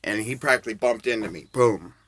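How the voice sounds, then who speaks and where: A man's voice: lowish voice, brisk, noisy background. A man in his forties telling rambling, casual anecdotes and chuckling between bits. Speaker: storyteller.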